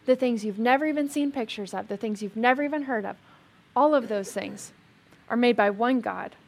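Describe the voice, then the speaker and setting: A woman teaching a Bible passage to a live group in a casual sermon style. She is chatty and animated, with lots of "like" fillers and humorous asides. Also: fairly high pitch, normal speed, vocal fry.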